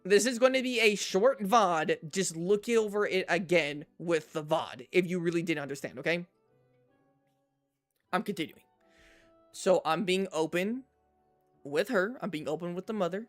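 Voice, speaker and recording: A man streaming, telling a personal story to his chat in a casual, animated way, often checking in with "right?". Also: high-pitched, moderate pace, faint music behind. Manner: animated storyteller, repeats himself, says "right?" a lot.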